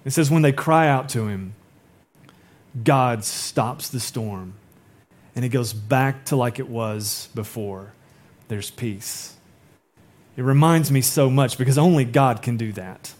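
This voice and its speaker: A male pastor preaching a sermon, chatty with asides, swinging between raised, urgent lines and soft, hushed emphasis. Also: medium pitch, slow pace. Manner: conversational asides.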